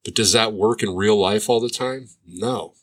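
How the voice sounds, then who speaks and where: Man, lowish bright voice, sarcastic commentator firing rhetorical questions. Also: moderate pace. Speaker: addiction treatment provider. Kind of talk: commentary monologue.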